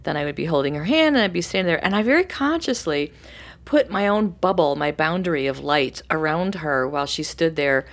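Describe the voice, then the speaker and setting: A woman's voice: low-pitched, brisk. A middle-aged woman, a podcast guest, telling a story in casual chat and acting out the voices she quotes. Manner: animated, acts out quotes with lively voices.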